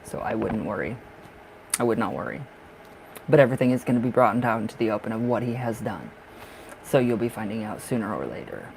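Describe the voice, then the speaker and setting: A man's voice: lowish voice, lively intonation, brisk, vocal fry, a little hiss or hum, low-quality recording. A man from the northern United States giving live-stream tarot readings in a chatty way, laughing often and repeating himself. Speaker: tarot reader.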